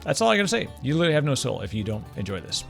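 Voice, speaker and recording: A Canadian man hosts a podcast into a podcast mic, chatting casually and enthusiastically while poking fun at himself. His medium-pitched voice swings widely in pitch, comes rapid-fire with vocal fry, and has soft music playing in the background.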